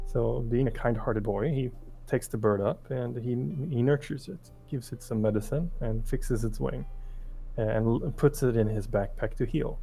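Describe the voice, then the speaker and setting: A man casually retelling a folk tale to friends in a relaxed, rambling way with frequent restarts. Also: medium pitch, gravelly. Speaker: storyteller.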